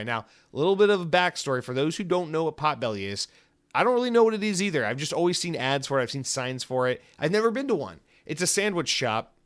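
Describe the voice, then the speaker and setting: A male podcast host talks alone in a loose, chatty monologue that drifts into silly asides. His pitch sits at a medium height for a man, and his delivery stays easygoing and conversational. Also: a bit bright, clear, resonant tone. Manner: rambling, jokey, full of comic tangents. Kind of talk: casual solo podcast monologue.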